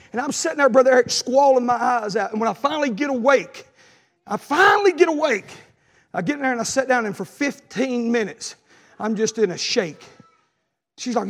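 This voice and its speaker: A man, preaching an impassioned sermon and telling a personal story, shouting at the peaks. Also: very high voice, animated, brisk, husky.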